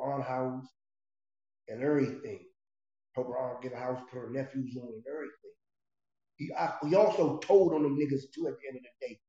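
A man's voice: medium pitch, dark tone. A middle-aged man casually telling a story from his past, streetwise and profane, rambling with restarts. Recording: roomy, slightly dull recording.

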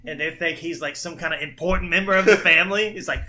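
Bright-voiced man doing movie quotes. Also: fairly high pitch, fast. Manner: animated, acts out movie quotes in put-on voices, laughs often. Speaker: podcast co-host. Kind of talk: casual chat.

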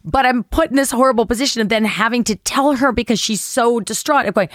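Animated woman telling a story in a dry recording. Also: a little high, a little fast, hardly any pauses, no echo. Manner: animated, acts out quoted voices, swears casually. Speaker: guest actress. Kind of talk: storytelling interview chat.

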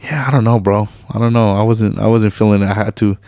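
A man with a low voice jokes around in slangy podcast chat and peppers it with "you feel me" and plenty of ums. The sound is dry and close, with no room around it. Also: steady tone, quick pace, dark tone, dry recording. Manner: loose, joking slang with "you feel me" and fillers. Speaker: podcast co-host. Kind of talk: casual chat.

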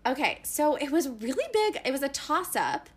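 A woman co-hosting a book podcast, telling a funny scene in an animated, giggly way. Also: high-pitched, normal speed. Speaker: podcast co-host. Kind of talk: casual chat.

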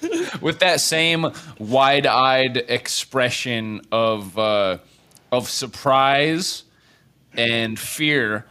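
A man's voice: mid-range voice, lively intonation, extremely slow, bright, forceful tone, clean tone. A man narrating as game master of a tabletop game, rambling and laughing as he describes the scene. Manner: laughing, rambling, full of fillers.

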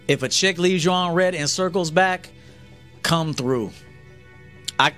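A man's voice: high voice, normal speed, a bit bright, soft background music. A man giving a blunt, profane lecture to men as a dating coach on a livestream.

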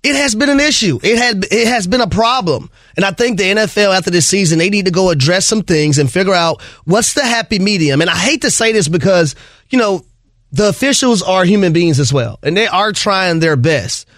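A man's voice: high voice, lively intonation, a little fast, a bit bright, dry recording, clean studio sound. A man co-hosting a sports radio show, giving emphatic opinions in a playful, laughing way. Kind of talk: sports talk show banter.

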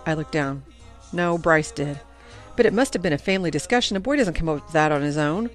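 A woman's voice: sits low, brisk, soft background music. Reflective woman narrating a story. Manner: reflective, even-paced storytelling. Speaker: audiobook narrator. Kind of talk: scripted first-person narration.

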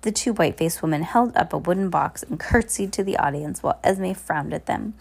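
A woman's voice: lowish voice, a little fast, creaky, a little mellow, slightly rough. A woman reading a novel aloud, stumbling and correcting herself as she goes. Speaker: reader.

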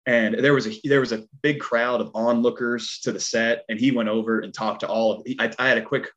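A man's voice: mid-range voice, a little fast. Rambling man with a twang, dull sound. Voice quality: twang in his speech. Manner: animated, rambling, heavy filler words. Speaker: stunt performer guest. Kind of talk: casual storytelling.

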